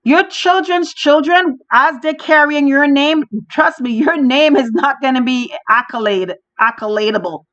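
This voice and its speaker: A woman's voice: sits high, measured pace, hardly any pauses, fairly bright tone. A woman hosting a podcast, delivering a fiery political monologue from Canada, emphatic and repetitive as she rallies listeners. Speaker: podcast host. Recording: dull lo-fi audio.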